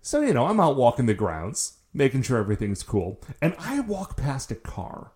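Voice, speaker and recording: A man's voice: medium pitch, normal speed. A man co-hosting a casual podcast, telling a story with a lot of stammering restarts. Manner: animated, stammering restarts when excited. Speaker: podcast co-host.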